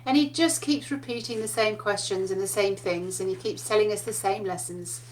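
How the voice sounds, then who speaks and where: A woman's voice: mid-range voice, moderate pace, a little hiss or hum. A woman giving a casual spiritual talk, telling stories in a chatty way and laughing often. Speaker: spiritual teacher.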